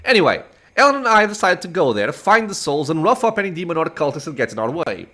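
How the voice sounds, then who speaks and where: A grieving cleric speaks earnestly, tired but resolved, read out by a man from a game. The voice sits a little high and moves a lot in pitch. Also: sing-song, fast, sharp tone, heavily acted. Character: weary grieving male cleric crusader. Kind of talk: reading game dialogue aloud.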